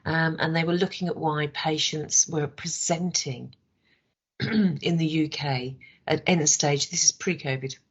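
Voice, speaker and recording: A woman with a worn, hoarse voice, leading a training session in a conversational way and checking in with rhetorical questions. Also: sits low, fairly even intonation, unhurried. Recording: dull lo-fi recording.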